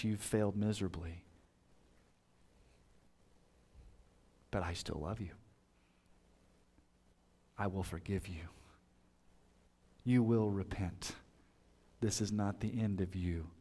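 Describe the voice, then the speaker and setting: A man preaching a sermon in church, earnest, swinging from loud fervent passages to soft, hushed lines. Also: mid-range voice. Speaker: pastor. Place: church sanctuary.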